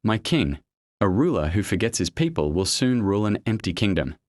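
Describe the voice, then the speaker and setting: A man voicing a wise old village woman who speaks gently and firmly, in a storybook folktale. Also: on the low side, sing-song, brisk. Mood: gentle, sad. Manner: gentle, quietly firm.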